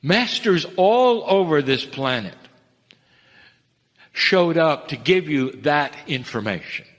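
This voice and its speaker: A man delivering a channeled spiritual message, measured and earnest, addressing listeners as dear ones. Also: a little high, lively intonation, a bit bright. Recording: long reverb of a hall.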